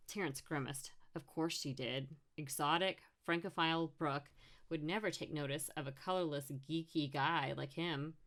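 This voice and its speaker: Audiobook narrator, woman, low register, reads the characters with small voice shifts. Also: normal speed, a bit bright.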